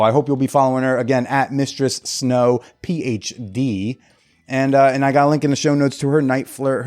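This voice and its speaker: A man's voice: medium pitch, a little mellow. A man hosting a casual podcast chat, joking and cursing freely in an easygoing way. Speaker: podcast host.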